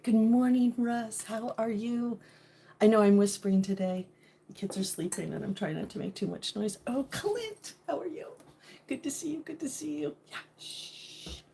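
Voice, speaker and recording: A middle-aged woman hosts a casual livestream from her home kitchen, greeting viewers by name and laughing often. Her voice sits at an ordinary pitch for a woman, and she sometimes drops to a hushed tone. A faint hiss runs underneath. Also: creaky. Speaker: livestream host.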